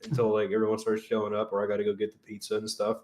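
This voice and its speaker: A man with a lowish voice rambling casually on a podcast. He fills his talk with "like" and restarts. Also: completely flat delivery, very fast, a little mellow. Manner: rambling, heavy on fillers like "like". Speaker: podcast co-host. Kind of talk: casual chat.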